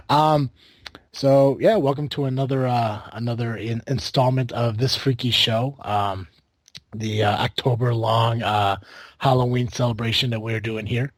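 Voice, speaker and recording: A man's voice: mid-range voice, fairly even intonation, unhurried, no room sound. A man from the United States hosting a casual podcast, rambling with lots of fillers and restarts. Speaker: podcast host.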